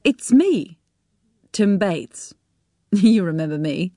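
A woman's voice: fairly low pitch, very animated, takes it slowly, mellow, dry recording, clean studio sound, heavily acted. A woman voicing a puzzled young man who turns defensive, speaking plainly and directly.

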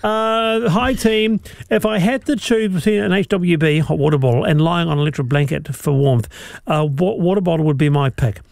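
A chatty New man hosts a live talk radio show, his voice sitting a touch higher than most men's. The studio sound is close and dry, with no room around him. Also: a little fast, vocal fry, a little mellow, dry recording. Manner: chatty, laughs often. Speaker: radio host.

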